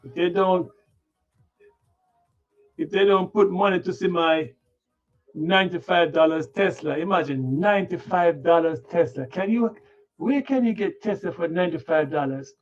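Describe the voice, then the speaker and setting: A man hosting a trading livestream, muttering to himself as he sets up his screen, tired and yawning, with sudden loud playful bursts. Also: high voice, moderate pace, long pauses. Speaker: livestream stock trading host. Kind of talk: rambling livestream chatter. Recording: dull lo-fi sound with faint music.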